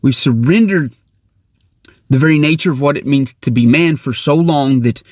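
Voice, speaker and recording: A man's voice: a little high, moderate pace, no room sound. Earnest, blunt middle-aged man, dry sound. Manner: earnest, blunt, swears casually. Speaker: host. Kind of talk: motivational monologue.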